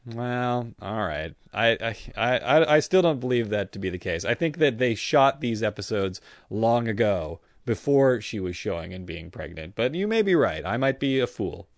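A man's voice: medium pitch, big pitch swings, normal speed, few pauses, no echo. A man co-hosting a podcast in casual chat, rambling with frequent stammers and restarts. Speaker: podcast co-host.

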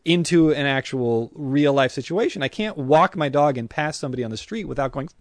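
A man's voice: medium pitch, animated, fairly quick, no room sound, clean studio sound. A man in casual podcast chat, self-deprecating and acting out his own grumbling thoughts. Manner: self-deprecating, acts out grumbling inner voices.

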